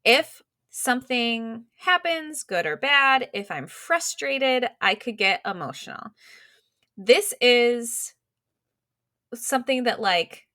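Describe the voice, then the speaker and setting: A woman guest on a podcast, a business coach, explaining in casual, animated talk full of "like" fillers. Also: a little high, takes it slowly, dry recording, clean studio sound. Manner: animated, quotes imagined inner voices, many "like" fillers.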